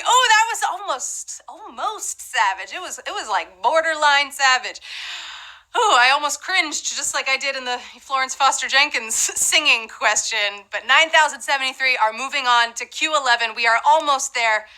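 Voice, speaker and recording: A woman's voice: high-pitched, pushed and bright, low-quality recording. A woman hosting a live trivia game show, chatty and playful, with asides to the players.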